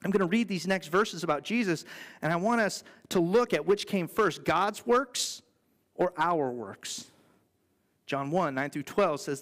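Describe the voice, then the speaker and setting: A man with a high, light voice delivers an earnest, conversational sermon, dropping in playful asides. His voice carries a long reverb from the church sanctuary around him. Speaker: pastor.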